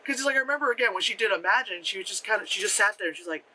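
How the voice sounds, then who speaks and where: A young adult reviewer riffing on a film in a loose, chatty vlog. The voice is bright and forceful, with lively pitch swings. There is plenty of swearing, filler words and laughter. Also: racing, a little hiss or hum. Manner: animated, profane, laughs often, many fillers. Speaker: movie reviewer; effects artist. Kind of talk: casual spoken film review.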